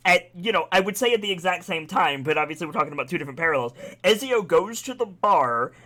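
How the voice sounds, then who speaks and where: Excitable, laughing young man chatting games. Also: high voice, quick pace. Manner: excitable storyteller, laughs often, swears casually. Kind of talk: casual gaming chat.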